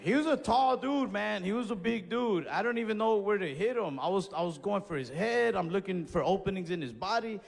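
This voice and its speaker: A man with a fairly high voice performs stand-up, spinning a story with lively acted-out quotes. His voice rings out with a long reverb from the stage. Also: a little fast, vocal fry, hardly any pauses. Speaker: stand-up comedian.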